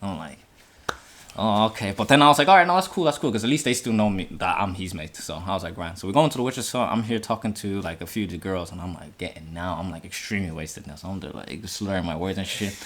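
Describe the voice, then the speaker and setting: A young man hosting a podcast, telling a story in casual chat with lots of swearing and sudden high-pitched outbursts when he quotes himself. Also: fast, fairly bright tone. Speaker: podcast host.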